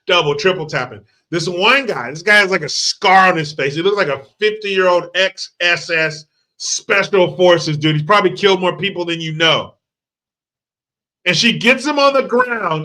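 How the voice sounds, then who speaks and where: A man's voice: sits high, normal speed, pushed and bright. A man ranting in a movie commentary, profane, sarcastic and heated. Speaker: movie reviewer.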